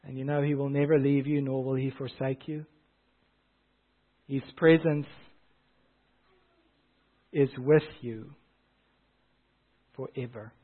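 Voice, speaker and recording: A man's voice: mid-range voice, steady tone, slow pace, pauses often. A man preaching a sermon as a pastor. He speaks emphatically and asks repeated rhetorical questions. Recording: tinny phone-like sound.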